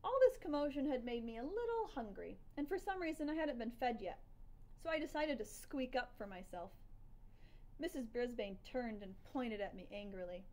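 A woman narrating a children's storybook aloud in the first person, with lively, expressive storytelling. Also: fairly high pitch, moderate pace. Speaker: audiobook reader.

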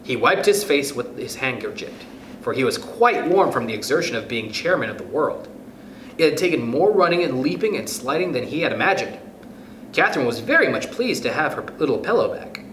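A man reading a children's storybook aloud, with an animated, expressive delivery. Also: medium pitch, brisk. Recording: echoey room, faint background noise.

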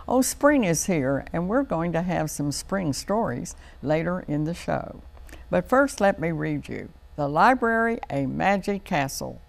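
A middle-aged woman hosting a children's TV story hour, reading a picture book aloud in an expressive, lilting manner, recorded in a TV studio. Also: lowish voice, a little slow, vocal fry.

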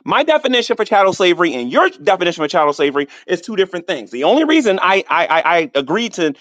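Man with a high, very animated voice, arguing in an online voice room and spelling things out slowly to his opponent. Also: no echo. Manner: condescending, repeats himself slowly for emphasis; argumentative, defends his reading of scripture. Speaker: debater in an online audio room. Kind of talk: heated debate.

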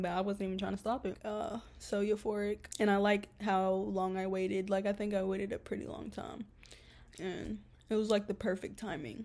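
A woman's voice: mid-range voice, a little mellow. A young woman vlogging in a casual, rambling way, telling a story full of slang and "like". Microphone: camera mic.

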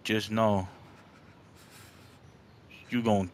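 A man's voice: lowish voice, measured pace, a bit bright, a little hiss or hum. A man doing let's-play commentary, jumpy and easily scared, talking to himself as he plays. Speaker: gamer.

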